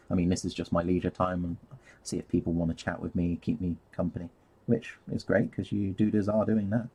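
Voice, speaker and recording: A man's voice: deep voice, vocal fry, darkish tone, slight background noise. A man rambling casually on a live stream while painting, easily sidetracked and laughing at himself.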